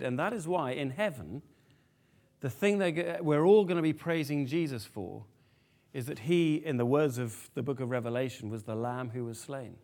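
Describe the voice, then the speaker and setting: Lively man preaching a sermon. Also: on the high side. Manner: lively, animated, asks the room questions.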